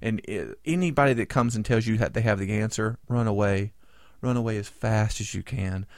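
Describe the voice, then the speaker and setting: A man's voice: on the low side, fairly quick, no room sound, studio quality. Indignant man telling a story. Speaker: podcast co-host. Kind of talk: casual chat.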